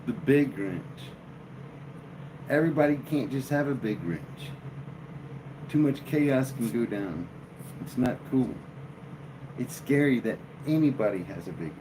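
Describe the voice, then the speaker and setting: A man hosting a live stream, chatting casually and joking with his viewers in a slow, drawling way. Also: mid-range voice, animated, background noise. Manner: slow, drawling, jokey banter with chat. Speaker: livestream host.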